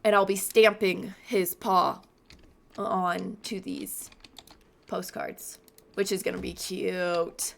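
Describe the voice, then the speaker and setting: A chatty young woman streams a farming game from her room and talks into a boom-arm mic. Her voice has a gravelly fry and sits at an ordinary pitch for a woman. She rambles easily between the game and her cat. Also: little pitch movement, slow. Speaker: gaming streamer. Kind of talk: casual gameplay chat.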